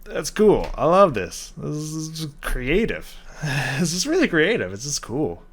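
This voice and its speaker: Excited young-sounding man reacting to music. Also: on the high side, unhurried. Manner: enthusiastic, swears casually, many fillers. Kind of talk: casual music reaction commentary.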